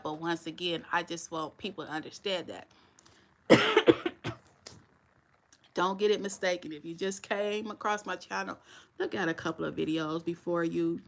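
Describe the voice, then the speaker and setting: A woman's voice: lowish voice, fairly bright tone. A woman in her forties hosting a live stream, talking bluntly and straight to her viewers. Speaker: channel host.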